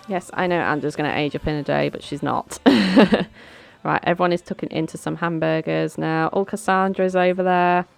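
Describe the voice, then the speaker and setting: Woman, young, low voice; chatty, bossy game commentary over soft music. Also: gravelly, clean tone. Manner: chatty, bossy with her characters, giggly. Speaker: let's play host. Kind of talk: casual gameplay commentary. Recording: faint background music.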